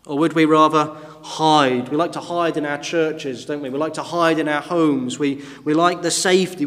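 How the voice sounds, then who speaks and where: A man preaching a sermon to a congregation, asking the listeners rhetorical questions and often adding tag questions. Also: on the high side. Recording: long hall reverb.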